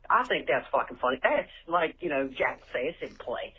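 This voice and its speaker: A man's voice: medium pitch, sing-song, a little slow, breathy edge. A man leaving a profane, storytelling voicemail for a podcast, laughing at his own tale. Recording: tinny phone-line voicemail.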